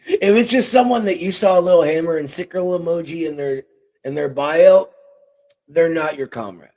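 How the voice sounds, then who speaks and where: A man hosting a casual political talk show at his desk, animated and joking, speaking into a boom-arm microphone. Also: moderate pace, rough recording. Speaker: show host. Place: home desk. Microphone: boom-arm desk mic.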